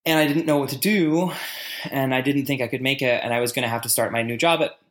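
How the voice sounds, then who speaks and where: A man in casual conversation, telling a personal story with pauses and fillers. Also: mid-range voice. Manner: reflective storytelling, many fillers. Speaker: conversation partner. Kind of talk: casual chat.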